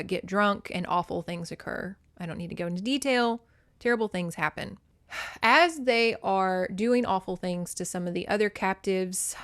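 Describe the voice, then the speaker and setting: A woman hosting a podcast, recapping a novel in casual chat, swearing often and reacting with feeling. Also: medium pitch. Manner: profane, emotionally invested storytelling. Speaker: podcast host.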